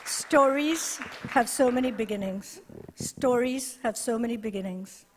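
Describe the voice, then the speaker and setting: A woman's voice: fairly high pitch, a little hiss or hum. Earnest woman speaking in a hall. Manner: measured, earnest delivery with deliberate pauses. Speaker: director of a university LGBTQ resource center. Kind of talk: ceremony speech. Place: ceremony hall.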